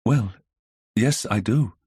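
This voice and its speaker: A man's voice: on the low side, slow pace, a little mellow, no echo, clean studio sound, voice pushed up, full character voice. A man voicing a nervous, frightened young woman. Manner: hesitant, breathy half-whisper. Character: nervous, anxious young woman, village heiress. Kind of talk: audiobook character voicing.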